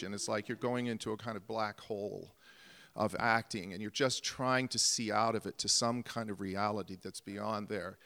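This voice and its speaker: A man's voice: lowish voice, a bit bright, long reverb tail. A man, an actor, telling a story about a film shoot on stage, acting out the scenes vividly. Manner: vivid, acts out scenes and calls. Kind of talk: live storytelling.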